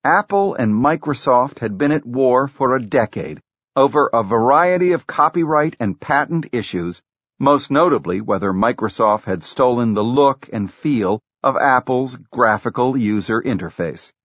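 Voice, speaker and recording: A man narrating an audiobook in a measured, even storytelling delivery. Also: medium pitch, no room sound, highs cut off. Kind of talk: scripted narration.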